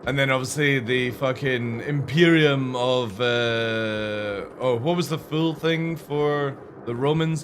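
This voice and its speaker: A man's voice: mid-range voice, fairly even intonation, slow, few pauses, fairly bright tone, a little hiss or hum. A young Scottish man chatting with his viewers while streaming a game, blunt and sweary, humming and musing aloud as he thinks. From Scotland. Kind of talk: casual live-stream chat.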